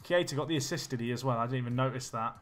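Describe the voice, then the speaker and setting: A man streaming a football management game, chatting nervously and swinging between low mutters and panicked yelling. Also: racing, faint music behind. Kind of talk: live game commentary.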